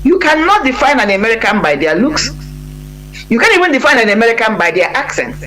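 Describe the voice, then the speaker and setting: A man's voice: very high-pitched, big pitch swings, fast talker, sharp tone, slight background noise, rough recording. A man, speaking as a guest on a live broadcast in an earnest, emphatic way, often breaking off and restarting his sentences. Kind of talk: impassioned conversational talk.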